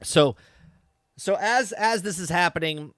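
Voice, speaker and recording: A man's voice: sits high, unhurried, a bit bright, no room sound, studio quality. A man, a parent, casually recapping and reviewing a TV episode, chatty, repeating himself and tossing in "okay?" and "right?" as he goes. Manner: chatty, repeats words and restarts, frequent "okay?" and "right?" asides. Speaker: podcast host reviewing a TV episode.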